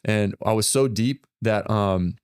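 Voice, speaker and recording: Rambling, excitable low-voiced man. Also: measured pace, smooth, no room sound, studio quality. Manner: rambling, filler-heavy, excitable retelling. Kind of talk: casual storytelling in conversation.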